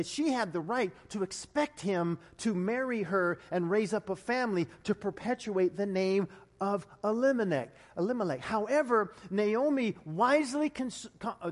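High-voiced preacher in a reverberant hall. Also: male voice. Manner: animated, with stammered restarts and chuckles. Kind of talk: storytelling sermon.

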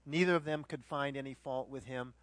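A man preaching a sermon, moving between hushed reflection and loud, dramatic retelling of the scene. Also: mid-range voice, fairly even intonation, fairly quick, no room sound. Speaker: pastor.

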